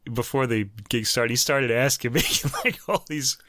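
A man co-hosting a casual podcast, a chatty storyteller who gets animated when quoting people. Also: mid-range voice, moderate pace, no room sound, clean studio sound. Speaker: podcast co-host.

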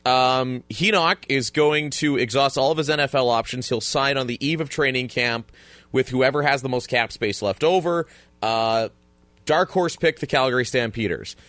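A man's voice: mid-range voice, normal speed, fairly bright tone, dry recording. A man co-hosting a podcast, chatting casually about football with rambling jokes and acted-out quotes. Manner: jokey, rambling, acts out quotes. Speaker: podcast co-host. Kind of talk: casual sports chat.

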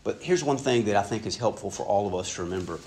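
A man preaching a sermon in an earnest, conversational way, swinging between loud and hushed passages. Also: fairly low pitch, lively intonation, fast, a little hiss or hum. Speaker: pastor.

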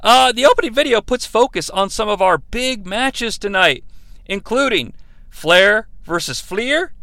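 A man's voice: sits high, creaky, bright, forceful tone, no echo. A man hosting a podcast, giving a sarcastic, irreverent comedic recap with some swearing. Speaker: podcast host.

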